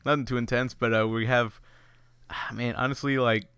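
A young man co-hosting a podcast with a bright, crisp and smooth voice, recorded dry and close. He talks in an easygoing way, drawing out phrases and chuckling. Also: medium pitch, steady tone, moderate pace, dry recording. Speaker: podcast co-host. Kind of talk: casual chat.

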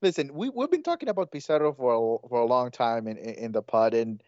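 Measured man on a dull, dry line. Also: medium pitch, expressive, darkish tone, dry recording. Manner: measured, with many restarts. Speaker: podcast co-host. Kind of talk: casual sports podcast chat.

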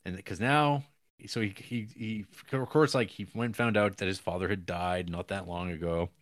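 A man's voice: deep voice, fairly even intonation, normal speed. A man co-hosting a podcast, recapping a film in a casual, rambling way full of fillers and wry, profane asides. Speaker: podcast co-host.

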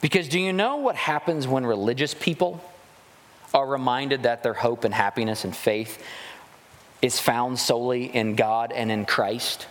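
A man preaching a sermon as a pastor, animated and acting out grumbling voices as he goes. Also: medium pitch. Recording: long hall reverb.

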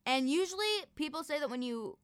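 A young woman telling a story in a casual chat, animated and laughing often. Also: high voice, a little fast.

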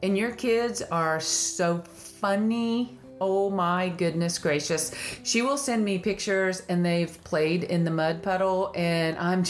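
A woman's voice: fairly low pitch, slow pace. A woman with a Southern country accent hosting a casual faith-based podcast, laughing often and telling stories with animation. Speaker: podcast host.

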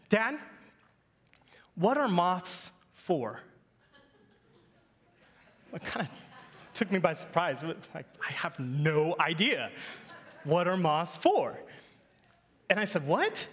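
A man's voice: high voice, a bit bright. A male pastor in his thirties giving a sermon, telling a playful family story to his congregation.

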